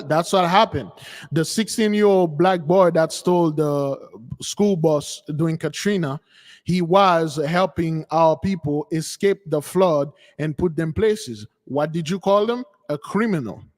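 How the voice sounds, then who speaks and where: A man's voice: fairly high pitch, measured pace. A man hosting a livestream commentary, talking in an emphatic, preachy way and repeating his points. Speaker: channel host. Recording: long reverb.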